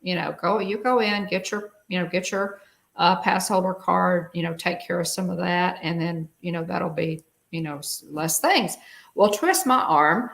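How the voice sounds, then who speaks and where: Chatty woman with gravelly tone. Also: on the low side, little pitch movement, moderate pace. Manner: chatty, rambling, many fillers and restarts. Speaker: show co-host. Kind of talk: casual live-stream chat.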